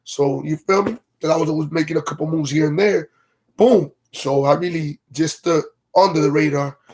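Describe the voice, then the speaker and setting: A man spins a long, rambling story on a casual livestream. His voice sits high and sounds a little husky. He talks loosely in slang and keeps asking his audience whether they follow him. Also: moderate pace, a little mellow. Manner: greets viewers from live comments mid-story.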